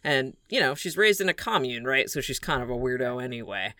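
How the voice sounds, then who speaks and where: This man has a bright, crisp voice with a slightly raised pitch. He talks casually, laughing often as he walks his friends through a movie's plot, with the odd swear word. The sound is dry and close, with no room around it. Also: lively intonation, brisk, dry recording. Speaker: podcast co-host recapping a film. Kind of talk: casual chat.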